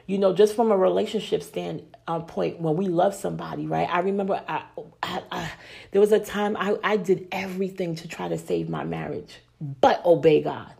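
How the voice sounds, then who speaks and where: Woman preacher, gravelly voice, impassioned, repetitive phrasing, addressing ladies. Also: medium pitch, a little mellow. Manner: emotional, repetitive, preaching cadence. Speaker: women's ministry speaker. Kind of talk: impassioned sermon.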